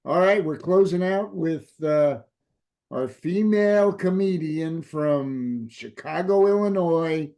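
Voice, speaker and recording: Male host, high voice, slow and mellow, easygoing introductions. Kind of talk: introducing comedians on a video call.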